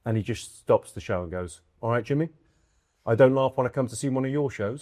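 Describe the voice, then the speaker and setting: Speaking in a mid-range voice on a dry, studio-quality recording, a UK comedian appearing as a guest spins quick, lively stories in conversation. He acts out what people said and bursts into laughter along the way.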